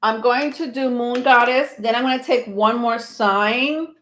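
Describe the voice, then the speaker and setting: A woman's voice: on the high side, a little slow, a bit bright. Breathless woman reading tarot live. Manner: reassuring, rambling with many ums. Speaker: tarot reader hosting a livestream. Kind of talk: live tarot reading, casual chat to viewers.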